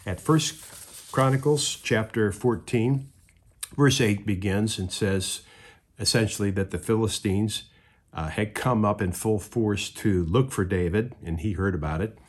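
A pastor with a husky, lowish voice tells a story during his sermon, acting out what the people in it say.

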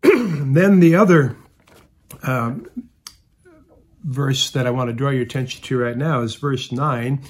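Guy preaching a sermon, earnest and measured, reads scripture out, some ums here and there. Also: mid-range voice, slightly rough. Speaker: pastor.

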